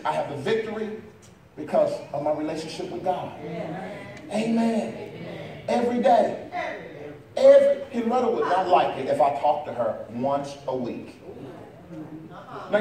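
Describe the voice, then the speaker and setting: High-voiced preacher echoing through a church. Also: male voice. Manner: call-and-response preaching, rising and falling. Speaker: pastor. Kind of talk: sermon. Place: church sanctuary. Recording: echoey church from far off with congregation.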